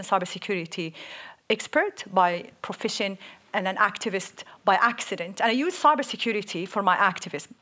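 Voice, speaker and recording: A woman from Saudi Arabia with an Arabic accent, co-hosting a live podcast and telling stories in a lively, animated way. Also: mid-range voice. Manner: lively, laughs often, animated storytelling. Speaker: podcast co-host. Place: stage before a live audience.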